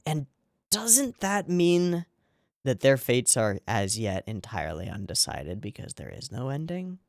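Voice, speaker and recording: A man talking through an anime episode in loose, casual commentary, his pitch swooping up and down as he gets excited. He rambles, restarts and swears without a second thought. The sound is close and dry, with no room around it. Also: normal speed, vocal fry, no echo. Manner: animated, rambling, swears freely. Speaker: anime reaction channel host.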